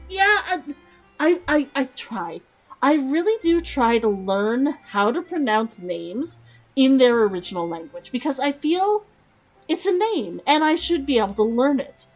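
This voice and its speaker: Young woman, casual game commentary; chatty, giggly, lively high voice. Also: normal speed, soft background music, poor audio. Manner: chatty and rambling, laughs often, repeats words. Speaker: streamer.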